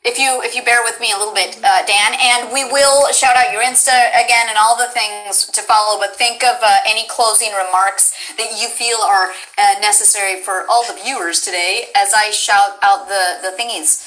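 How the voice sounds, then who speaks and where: A woman voice actress hosting a casual livestream chat, bubbly and quick to laugh, with plenty of fillers. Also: mid-range voice, fairly even intonation, fairly bright tone, poor audio. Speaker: voice actress and stream host.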